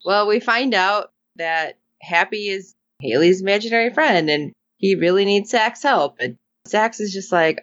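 A woman co-hosting a casual recap chat, animated and acting out characters' lines in put-on voices. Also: fairly low pitch, moderate pace, muffled recording. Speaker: podcast co-host.

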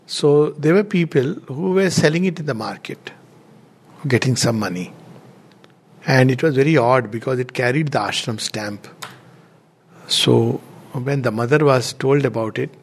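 A middle-aged man giving a devotional talk, telling anecdotes gently and chuckling between them. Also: medium pitch, unhurried, long pauses, husky. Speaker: spiritual speaker.

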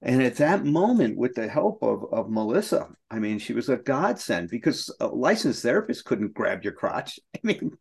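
A man's voice: mid-range voice, very animated, normal speed, vocal fry, hardly any pauses, a little mellow, breathy edge. A middle-aged man co-hosting a recovery podcast, telling a painful personal story in an earnest, emotional way.

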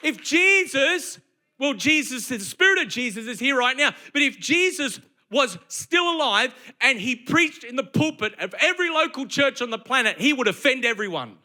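A man preaching a sermon, emphatic and conversational, slipping into quick acted asides. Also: very high voice, very animated, bright, forceful tone.

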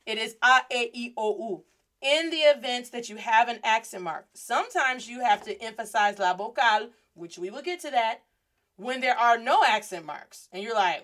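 A woman's voice: a little high, expressive, normal speed, a bit bright. A woman hosting a playful Spanish lesson, mixing Spanish words into English and acting out little scenes. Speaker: Spanish teacher and host. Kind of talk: energetic casual language lesson.

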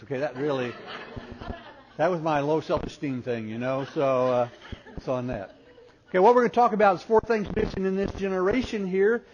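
A man preaching with humor to a conference crowd, spinning stories and putting on the voices of people in them. His voice sits a bit high for a man. The recording is muffled and lo-fi with a light hiss behind it. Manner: animated storyteller who acts out voices. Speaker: speaker at a parenting conference. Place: conference hall before an audience. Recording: dull lo-fi recording with faint noise.

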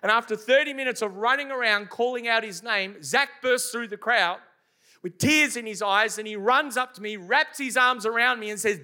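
A pastor preaches to his church with a very high pitch and a bright, forceful tone. He drives points home with emphasis and often puts questions to the congregation. A man's voice, ringing out in a live sermon. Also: moderate pace. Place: church service before a congregation.

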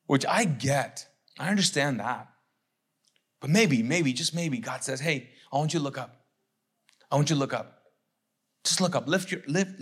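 A middle-aged man, a pastor, preaching a conversational sermon, repeating phrases for emphasis and acting out listeners' objections in quick asides. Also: on the high side, a bit bright.

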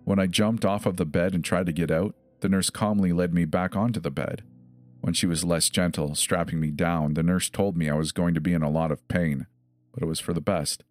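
A man telling a horror story in a measured, grave first-person narration. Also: sits low, fairly even intonation. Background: faint music.

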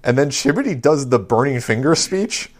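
A man co-hosting a podcast, casually recapping an episode and filling pauses with "um" and "uh". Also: mid-range voice, animated. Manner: rambling, full of "um" and "uh" while recapping. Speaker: podcast co-host.

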